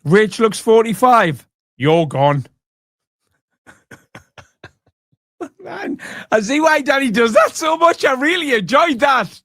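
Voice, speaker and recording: A man's voice: very high voice, very animated, takes it slowly, long pauses, a bit bright, no echo. A man in his forties giving mocking comedy commentary over a video, full of dry, sarcastic asides. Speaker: commentary host.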